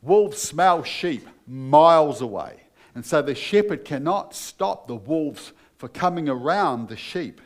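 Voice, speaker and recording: A man preaching a sermon as pastor, earnest and emphatic, putting questions to his listeners. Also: fairly high pitch.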